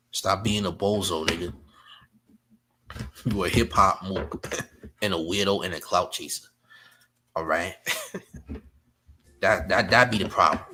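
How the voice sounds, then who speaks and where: A man's voice: low voice, pushed and bright, breathy edge. A man talking on a live stream, taunting viewers with mocking jabs and frequent laughter. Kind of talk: casual live-stream chat.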